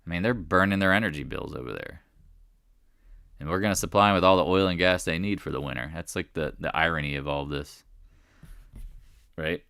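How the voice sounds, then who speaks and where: A man's voice: low-pitched, a little fast, gravelly, pauses often, bright, forceful tone, clean tone, no echo, studio quality. A man hosting a live market chat, talking casually and emphatically, repeating his points and rambling between thoughts. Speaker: stock market livestream host.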